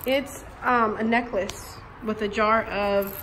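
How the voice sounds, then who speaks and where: A woman's voice: mid-range voice, fairly even intonation, slow pace, background noise. A woman chatting casually on a vlog beside her partner, giggly and talkative. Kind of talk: casual chat.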